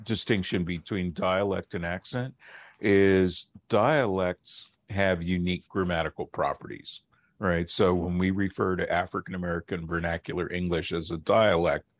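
Deep-voiced older-sounding guy explaining language stuff on the radio, slow and careful on key words, dry studio sound. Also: dry recording. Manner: measured, lecturing, slows to stress key words. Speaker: linguist guest.

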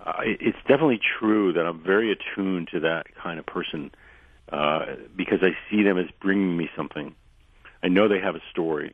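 A man guest on a radio show telling long anecdotes in a rambling way, losing his voice and clearing his throat often. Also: sits low, a little fast, dry recording. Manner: rambling anecdotal storyteller, frequent restarts. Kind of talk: radio interview, storytelling. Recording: dry narrow phone-line sound.

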